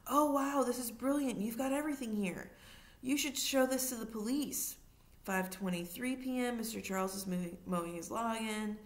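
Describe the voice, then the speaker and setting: A woman's voice: fairly high pitch, normal speed, close to an everyday voice. A woman voicing a nosy, chirpy young girl in a storybook reading, bubbly and prying. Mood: excited.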